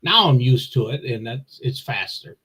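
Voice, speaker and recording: A man's voice: mid-range voice, expressive, normal speed, a bit bright, slightly rough, rough recording. A man from Wisconsin, a drag racer, talking as a podcast guest in a rambling, plainspoken way that often repeats itself. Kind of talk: casual podcast interview. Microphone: remote video call.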